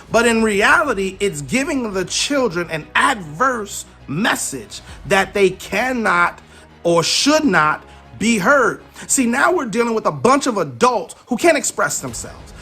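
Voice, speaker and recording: A man's voice: high voice, breathy edge. A man in his forties giving an emphatic motivational talk on parenting, telling stories from his own life. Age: 40s. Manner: emphatic, animated storytelling. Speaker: parenting speaker.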